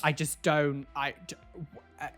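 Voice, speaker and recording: A man's voice: a little high, flat delivery, a little slow, fairly bright tone, soft background music. A man hosting a casual reaction video, talking in an incredulous way that is full of repeated "like" and "what", and giving preachy warnings to viewers.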